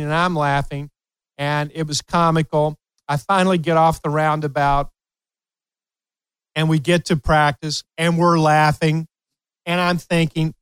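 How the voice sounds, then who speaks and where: Laughing storyteller man, smooth voice. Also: a little high, no echo. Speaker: host, tennis coach. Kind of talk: storytelling in casual chat.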